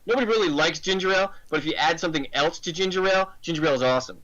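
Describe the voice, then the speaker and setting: An American man co-hosting fantasy football radio, giving quick joking analysis in casual chat. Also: a little high, a bit bright, dull audio. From United States.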